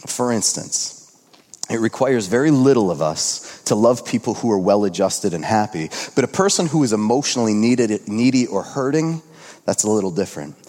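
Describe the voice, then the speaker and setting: A male pastor in his thirties delivers a conversational sermon in a somewhat low voice. He talks earnestly, dropping to a hush and then rising with excitement. The sound carries a long reverb from a large hall. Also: moderate pace. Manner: earnest, shifting between hushed and excited.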